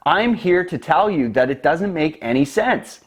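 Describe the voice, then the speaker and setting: A man in his twenties speaks in a somewhat high voice. He explains investing to the camera with emphatic, persuasive confidence, leaning hard on his points. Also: animated, unhurried. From Canada. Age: 20s. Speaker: real estate investor.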